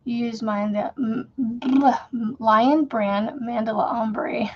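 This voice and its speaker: A woman's voice: fairly high pitch, steady tone, very slow. Chatty woman crafter on a dull livestream. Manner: chatty, rambling, laughs often. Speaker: crochet channel host. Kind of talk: casual livestream chat while crocheting. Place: home.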